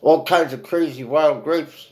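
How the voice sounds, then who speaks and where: A man spins a holiday tale in rapid hipster jive, his voice sitting a little high. He swoops from hushed spooky passages to big dramatic bursts. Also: rough recording. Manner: hip slang, lively and dramatic. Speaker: storyteller. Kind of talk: jive-slang storytelling.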